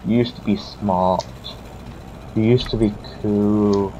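Casting: a blunt, tired young woman, low and slow and cutting, read by a male gamer, lo-fi audio. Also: fairly even intonation, mellow, slight background noise. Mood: bitter.

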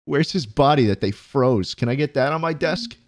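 A man giving profane, excitable let's-play commentary, often yelping and laughing. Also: mid-range voice, normal speed. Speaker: gaming YouTuber.

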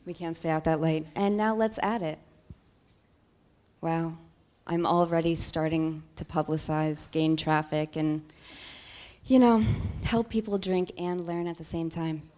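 A woman's voice: sits low, fairly even intonation, unhurried, warm tone. A woman presenting a coding project at a demo day, playful and joking as she fills in a live demo.

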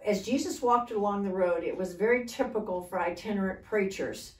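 A woman's voice: medium pitch, a little fast, a little mellow. Woman teaching scripture in an echoey room. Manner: explanatory, checks in with frequent "okay?". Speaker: Bible study co-leader. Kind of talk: conversational Bible teaching. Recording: echoey room, distant mic.

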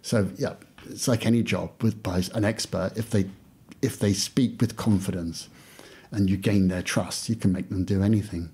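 Low, husky-voiced male English teacher. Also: moderate pace. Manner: animated storytelling, acting out classroom exchanges, many "you know" fillers. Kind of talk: casual interview conversation.

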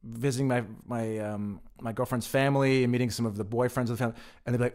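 An American man speaks as a guest in a casual conversation. His voice sits at a middle pitch, and he tells stories at length, often stumbling over the first words of a sentence. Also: steady tone, racing, a little mellow. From United States. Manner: chatty storyteller, repeats words when starting sentences. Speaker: podcast guest. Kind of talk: casual chat.

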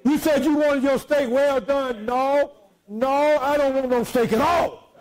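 A man preaching a sermon as pastor, shouting out to his congregation with folksy, joking asides. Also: extremely high pitch, fairly even intonation, normal speed, low-quality recording.

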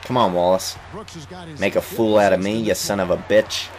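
A man's voice: deep voice, moderate pace. Coughing young man gaming. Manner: excitable, trash-talking the game. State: coughing, recovering from illness. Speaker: gaming YouTuber. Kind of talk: casual let's-play commentary.

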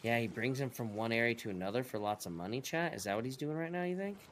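A man's voice: medium pitch, fast, slight background noise. Laid-back man in casual gaming banter. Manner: relaxed, profane banter while planning pranks. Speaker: streamer.

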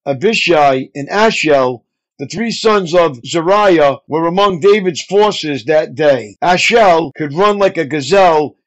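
A male pastor reads scripture aloud, phrase by phrase, at a measured pace. His voice is pitched high. The recording sounds dull and lo-fi. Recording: dull lo-fi audio.

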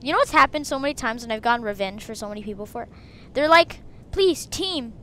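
A woman hosting a game video, chatting casually and breaking into excited shrieks. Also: fairly high pitch, very fast, a little hiss or hum. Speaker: gaming video host. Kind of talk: casual gameplay commentary.

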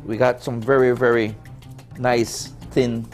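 A man's voice: mid-range voice, little pitch movement, unhurried, a little mellow, faint music behind. A Belizean man cooking on a TV show, chatting casually with many fillers and repeats. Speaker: cook.

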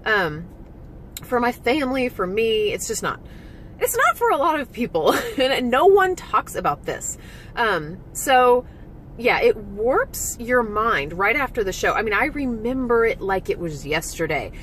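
A former physique competitor turned vlogger talks candidly about competing in a personal vlog, emotional and frank, swearing now and then and filling her speech with "like." Her voice sits on the high side with big pitch swings, a fairly bright tone and a slightly slow pace. The recording is low quality with a little hiss or hum.

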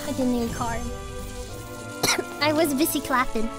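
Despite being sick and coughing, a woman streamer keeps up giggly, profanity-heavy casual chat with her viewers as she games. She has a high-pitched voice at a normal speed, with game music in the background.

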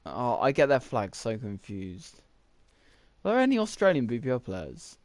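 A man's voice: mid-range voice, wildly swooping pitch, moderate pace, a little mellow, dry recording. A young man, rambling through casual gameplay commentary while thinking aloud with lots of fillers. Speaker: gaming YouTuber.

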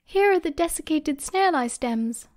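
An eager, bossy young British schoolgirl, as a woman reader puts her on, raising her voice high and loud to chide the boys. The delivery is bright and insistent in this storybook reading. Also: steady tone, slow pace. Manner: bright, chiding.

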